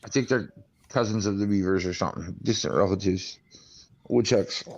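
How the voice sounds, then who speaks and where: A man's voice: sits low, moderate pace, slight background noise. A man hosting a casual live-stream chat, joking around and laughing often, heard through dull lo-fi audio.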